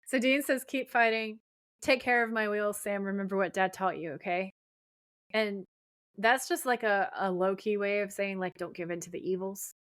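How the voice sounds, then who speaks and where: A woman's voice: mid-range voice, steady tone, normal speed, a bit bright, dry recording. A woman co-hosting a podcast, casually retelling a TV episode scene by scene and quoting the characters' lines. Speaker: podcast co-host.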